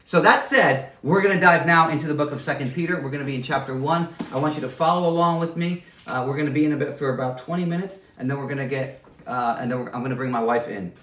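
A man's voice: a little high, fast, a bit bright, echoey room, far from the mic. A man preaching a sermon as pastor, conversational and self-deprecating, often restarting and stammering over his words.

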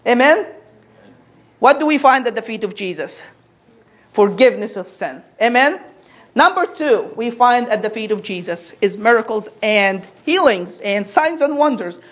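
Woman preacher with a fairly high voice; sermon with call-and-response and rhetorical questions. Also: expressive, normal speed.

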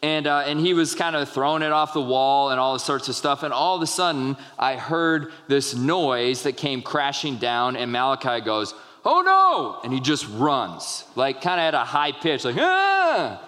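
A young adult man, a pastor, preaching a sermon in a relaxed, conversational storytelling way with asides to the congregation. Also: medium pitch, moderate pace, hardly any pauses. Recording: long reverb of a large hall.

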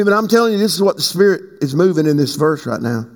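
A man preaching a sermon as pastor, swinging between slow emphatic stretches and sudden high leaps. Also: sing-song, a little mellow. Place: church sanctuary. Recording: long hall reverb.

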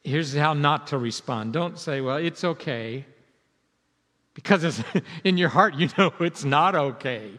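A man preaching a sermon as pastor, earnest and conversational, moving between emphatic and hushed delivery. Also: fairly high pitch, animated, normal speed, hardly any pauses. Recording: reverberant hall sound.

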